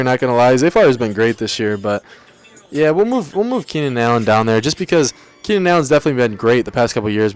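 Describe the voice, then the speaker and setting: A man's voice: fairly low pitch, clear, resonant tone. A young man hosting a livestream, ranking players in casual, slangy banter and talking back to his chat. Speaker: livestream host.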